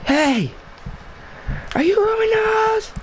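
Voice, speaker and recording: Shrill, yelling, angry schoolteacher woman, pitched way up, as a man puts her on. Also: very animated, takes it slowly, a little hiss or hum, heavily acted, rough recording. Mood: screaming. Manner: yelling high-pitched accusations. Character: screaming shrill female schoolteacher, furious.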